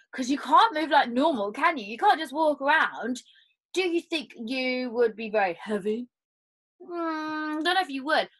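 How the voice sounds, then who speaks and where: A woman storyteller leading children through playful movement games, with animated exclamations and gasps. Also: fairly high pitch, breathy edge.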